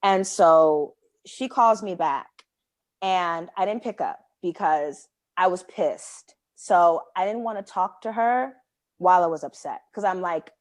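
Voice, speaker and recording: Lively low-voiced woman podcast host. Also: unhurried, no room sound. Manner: animated, many "like" fillers, acts out quoted dialogue. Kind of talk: casual storytelling chat.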